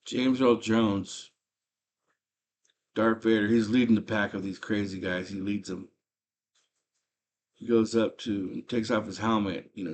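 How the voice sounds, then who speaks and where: Low-voiced man retelling a movie. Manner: animated, slangy storytelling with frequent fillers. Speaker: movie chat host.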